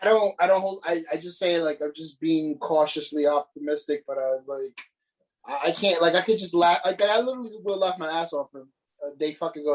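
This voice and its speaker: A man's voice: fairly high pitch, brisk, rough recording. A man co-hosting a casual podcast, ranting with frequent swearing and restarts. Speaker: podcast co-host.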